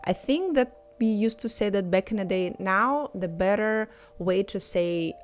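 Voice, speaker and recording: Woman, language teacher, careful word-by-word drills, slow repeated pronunciations, faint music behind. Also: medium pitch, animated. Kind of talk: online language lesson.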